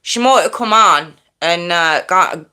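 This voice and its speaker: A woman's voice: lowish voice, a little slow, clear, resonant tone. A woman hosting a true crime livestream, chatting casually with viewers and greeting them by name, with a slightly wheezy chest. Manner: chatty, greets viewers by name, self-described loud and hyped.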